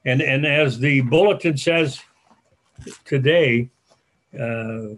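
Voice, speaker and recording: An older man preaching a sermon as a church elder, folksy and halting, with restarts and asides. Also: medium pitch, a bit bright.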